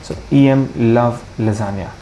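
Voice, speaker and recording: Mellow-voiced man thinking aloud. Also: medium pitch, moderate pace, slight background noise. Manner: thinks aloud, corrects himself, mixes Hindi into English. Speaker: coding tutorial host. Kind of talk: screen-recorded coding walkthrough.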